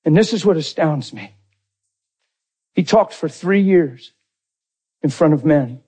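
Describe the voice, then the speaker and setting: Husky, dramatic male preacher. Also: expressive, slow pace. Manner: dramatic, swinging from loud exclamations to hushed low lines. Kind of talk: sermon.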